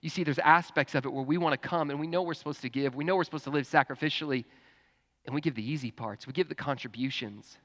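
A pastor preaches a sermon in a fairly high man's voice, earnest, swinging between hushed moments and fervent ones. His voice rings with the long reverb of a church sanctuary. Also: quick pace.

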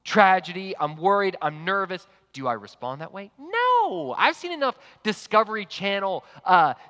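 A man preaching a sermon to an online congregation, telling a personal story in a lively, conversational way. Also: high-pitched, normal speed. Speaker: pastor. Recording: long hall reverb.

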